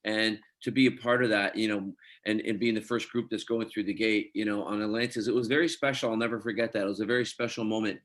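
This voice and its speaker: The guest is a middle-aged Scottish actor whose somewhat low, slightly bright voice holds a steady tone as he talks fast with hardly any pauses. In a relaxed interview he spins chatty anecdotes, quotes other people, and laughs easily.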